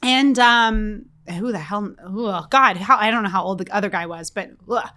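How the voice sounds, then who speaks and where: A woman in her thirties co-hosts a podcast, telling a story in casual conversation. She is animated and self-mocking, swears freely, and speaks at a medium pitch and moderate pace.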